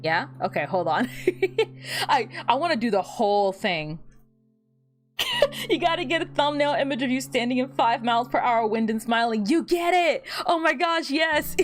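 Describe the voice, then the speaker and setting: Lively giggly young woman streamer. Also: fairly high pitch, normal speed, soft background music. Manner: animated and giggly, often laughing at her own jokes; rambling, repeats words while fiddling with her setup. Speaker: VTuber streamer. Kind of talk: casual livestream chat.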